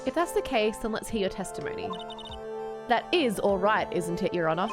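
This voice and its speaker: A woman's voice: mid-range voice, big pitch swings, brisk, close to an everyday voice. A woman voicing a stern, haughty older male prosecutor with clipped, condescending formal diction. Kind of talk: reading game dialogue aloud in voices. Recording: game music playing underneath.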